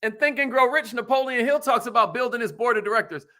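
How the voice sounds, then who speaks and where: A man hosting a motivational talk, energetic and playful, with slangy banter aimed at a live audience. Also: extremely high pitch, quick pace. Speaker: motivational show host.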